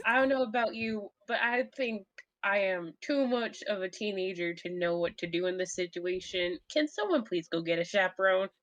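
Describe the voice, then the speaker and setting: A woman's voice: mid-range voice, lively intonation, moderate pace, low-quality recording. A woman playing a tabletop game, chatting in a hesitant, self-correcting way. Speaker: player.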